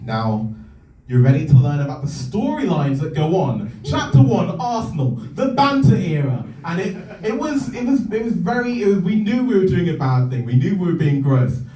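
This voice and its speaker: A young man performing a stand-up comedy set in a comedy club, telling stories with lively energy that climbs into excited shouts, with audience laughter behind him. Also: a little high. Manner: animated storytelling, rising to shouts in excitement. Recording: echoey room, heard from a distance.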